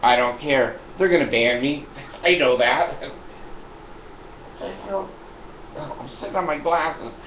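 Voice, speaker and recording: Older guy ranting a funny story, bit high voiced, laughs a lot, echoey dull room sound. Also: takes it slowly, long pauses, slight background noise. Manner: animated, loud, laughs often, yells punchlines. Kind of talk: rambling comic storytelling.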